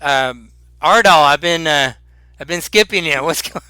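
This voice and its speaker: Guy dm for a tabletop game, bright lively voice, dry close sound, keeps laughing and going uh um. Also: a little high, unhurried, clear, resonant tone, no room sound. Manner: laughing often, many fillers and restarts. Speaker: dungeon master.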